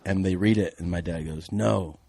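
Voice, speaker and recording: Low-voiced man recounting a story. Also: steady tone, a little fast, dark tone. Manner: earnest, breaks into laughter. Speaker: podcast guest. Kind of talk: casual storytelling.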